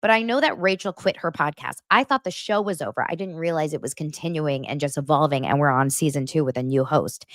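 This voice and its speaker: Talking fairly quickly with hardly any pauses, a low-voiced woman hosts a pop-culture livestream show. She gushes casually to her viewers, piling on fillers and asides, in a studio-quality recording with no echo.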